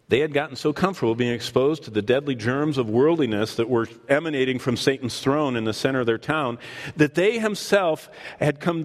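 A man preaching a sermon as pastor, animated and acting out scripture in voices. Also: a little high. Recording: long hall reverb.

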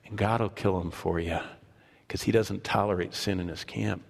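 A man voicing Balaam, a scheming prophet, in a low, quiet, sly tone. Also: fairly even intonation, normal speed, creaky, breathy edge, heavily acted. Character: Balaam, scheming male prophet whispering advice. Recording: long hall reverb.

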